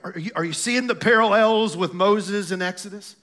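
A man preaching a sermon as pastor, reading scripture slowly and calling out to his congregation. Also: high-pitched, a bit bright.

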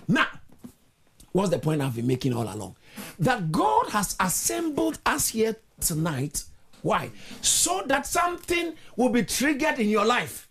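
A preacher delivering a fervent sermon over an online video meeting, moving between shouted declarations and quiet pleading. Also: medium pitch, wildly swooping pitch, measured pace, husky.

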